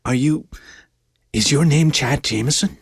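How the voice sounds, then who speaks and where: A man's voice: fairly high pitch, a little slow, husky, dry recording, studio quality, voice pushed up. Man voicing a shy flustered college girl. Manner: stammering, nervous. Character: shy flustered young female student.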